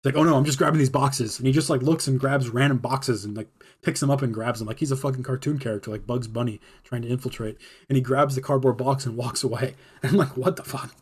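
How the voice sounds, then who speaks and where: Husky-voiced man telling an angry work story. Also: mid-range voice, fast. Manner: profane, animated retelling with quoted dialogue. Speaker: podcast host telling a personal story. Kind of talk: casual storytelling. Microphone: streaming mic.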